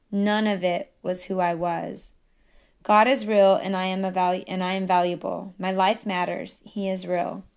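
A woman reads her own memoir aloud with earnest feeling. Her voice sits at a middle pitch and carries a heartfelt, personal tone. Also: gravelly. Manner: earnest, emotional, building to intensity. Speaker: narrator reading her own book.

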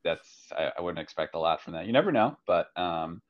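A man with a very low voice talks in a relaxed, rambling way, full of ums and restarts. The recording is slightly dull and muffled. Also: brisk. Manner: relaxed, rambling with many fillers. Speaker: fantasy football podcast co-host. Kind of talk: casual chat.

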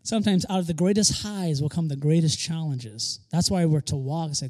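A man's voice: fairly high pitch, fairly quick, hardly any pauses, mellow. A man preaching a sermon as pastor, emphatic, repeating key phrases for stress and slipping in joking asides.

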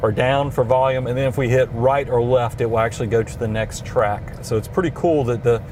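A man's voice: mid-range voice, steady tone, brisk, darkish tone, slight background noise. A middle-aged man with a Southern US accent, talking through features in casual, enthusiastic car review chat, recorded inside a car. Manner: enthusiastic, explanatory. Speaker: podcast co-host.

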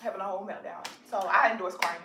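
A woman's voice: medium pitch, quick pace. A young woman in her twenties co-hosting a podcast, chatting casually and encouraging her co-host with affirmations. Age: 20s. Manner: encouraging, frequent affirmations, bursts of laughter. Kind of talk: casual chat. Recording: roomy, distant mic with background noise.

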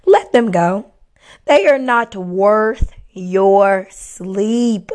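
A woman with a hoarse, worn voice, giving casual faith-based encouragement to viewers and repeating her key lines for emphasis. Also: medium pitch, animated, drawn-out words, a little mellow. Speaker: faith-based motivational speaker.

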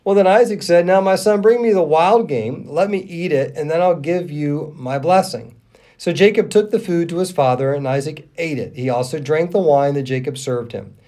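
A man with a somewhat high but soft, mellow voice reads scripture aloud on a podcast. He shares the reading with a co-host and gives the quoted speech an expressive lift. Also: normal speed. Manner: expressive reader who lifts his voice for quoted speech.

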